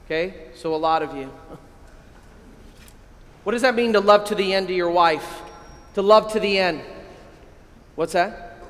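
A middle-aged American priest giving an excitable, energetic keynote talk to a men's conference, with sudden loud bursts. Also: male voice, high voice, measured pace, pauses often. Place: large hall at a conference. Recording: echoey hall, long reverb.

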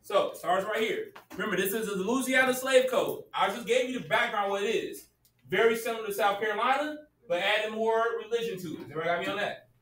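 High-voiced male teacher in an echoey classroom. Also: fast, a bit bright. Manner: checks in with students constantly, casual and direct. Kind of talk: classroom lecture. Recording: echoey classroom, at times far from the mic.

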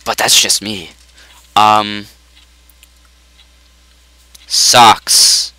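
A man giving goofy, excitable let's play commentary on a quiz game, joking and yelling at the screen. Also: on the low side, drawn-out words, long pauses, no echo, low-quality recording. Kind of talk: casual gameplay commentary.

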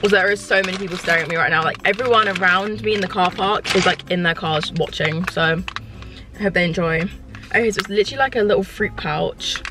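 A woman chatting excitedly to camera from inside a parked car, with lots of "like" fillers. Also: lowish voice, fast. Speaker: lifestyle vlogger. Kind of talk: casual vlog chat to camera.

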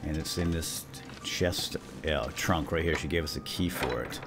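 A young man with a very low, deep voice commentates his way through a survival game, chatty and upbeat as he talks to his viewers. He breaks into sudden loud exclamations now and then, and soft game music plays behind him. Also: normal speed. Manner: bursts into loud excited exclamations. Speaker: gaming video host. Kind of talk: let's play commentary.

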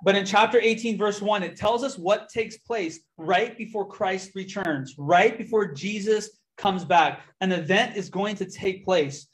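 A young man giving a testimony in a church, telling his story with lively quoted dialogue. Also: sits high, measured pace, few pauses. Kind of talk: testimony sermon.

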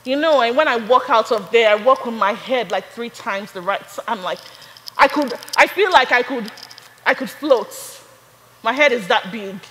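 A young adult woman preaching a sermon, building from storytelling to fervent, shouted praise. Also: a little high, moderate pace, long reverb tail, slight background noise, rough recording.

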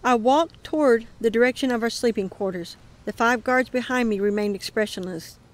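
A woman reading her dream account aloud in a calm voice that often drops to a murmur. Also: on the high side, normal speed. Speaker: ministry dream teller.

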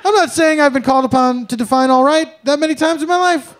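A middle-aged man performing a stand-up comedy set on a club stage, with an animated, exaggerated, mock-polite delivery. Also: extremely high pitch, quick pace.

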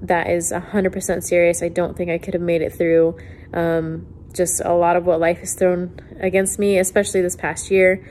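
Lower-voiced earnest woman. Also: little pitch movement, moderate pace, a little mellow, slight background noise. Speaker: close friend giving birthday wishes. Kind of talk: recorded video message.

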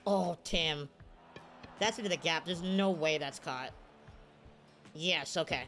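A woman's voice: low voice, slow, soft background music. A woman giving live video game commentary, cheering and groaning at every play. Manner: excitable, cheers and groans at plays. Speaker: gaming streamer.

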